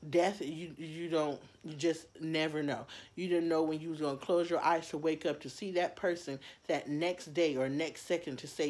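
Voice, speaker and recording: A woman vlogger talking personally to her viewers in an earnest, heartfelt way, halting often with fillers and restarts. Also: low voice, steady tone, darkish tone. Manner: heartfelt, speaks straight to viewers. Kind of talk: personal talk to camera.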